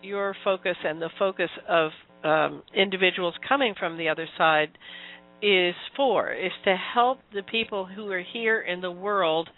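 An interviewer posing long, reflective questions in a casual interview. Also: mid-range voice. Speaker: interviewer, host. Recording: tinny phone-like audio with faint music.

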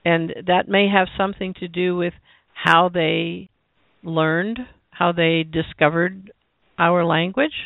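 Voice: mid-range voice, fairly even intonation, slow pace, creaky, no room sound. A radio host interviewing a guest, giving brief attentive affirmations, heard over a phone line.

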